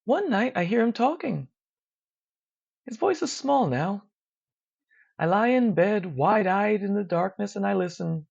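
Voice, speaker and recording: A narrator reading a dark first-person horror story in a slow, measured, hushed way. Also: medium pitch, animated. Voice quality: gravelly. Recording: dull lo-fi recording.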